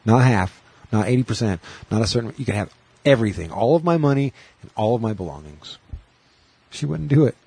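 Husky, animated man swearing casually. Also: lowish voice, fast, dry recording. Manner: crude, joking, profane. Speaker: podcast co-host and stand-up comic. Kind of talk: casual chat.

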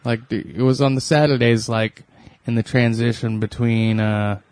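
A man's voice: mid-range voice, flat delivery, normal speed, darkish tone, no echo. A man in casual chat, easygoing and laid-back.

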